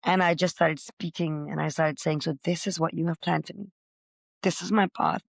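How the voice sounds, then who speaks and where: A middle-aged woman, a podcast guest, telling her own story with feeling, loud and gregarious by her own account. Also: sits low, fairly quick, gravelly, no room sound. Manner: expressive, says she is loud and gregarious. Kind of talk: emotional personal storytelling.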